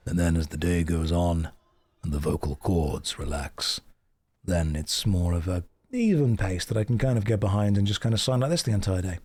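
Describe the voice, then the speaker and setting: Deep, husky-voiced male streamer. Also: moderate pace, a little mellow, no echo. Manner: dry, mock-serious joking. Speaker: livestreamer. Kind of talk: casual gameplay chat.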